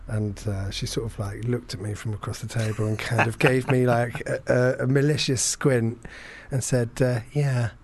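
A man in casual conversation, telling a rambling story about himself. He stumbles over his words, restarts sentences and fills pauses, with a self-deprecating edge and a middle-pitched voice. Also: flat delivery, darkish tone, husky. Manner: self-deprecating, halting with many fillers and restarts. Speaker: podcast guest storyteller. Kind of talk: casual chat, rambling anecdote.

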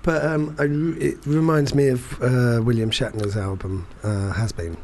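A man's voice: medium pitch, steady tone, measured pace, creaky, a little mellow, slight background noise. A man chatting casually as a podcast co-host, telling rambling anecdotes full of fillers and restarts. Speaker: performance poet. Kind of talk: casual chat.

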